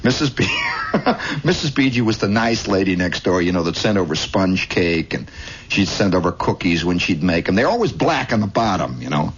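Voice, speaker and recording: A man hosting a radio show, telling a long improvised story with many asides, shifting between hushed and excited, on an old lo-fi recording. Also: low-pitched, fairly quick, noisy background. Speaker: radio host. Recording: dull lo-fi 1960s radio.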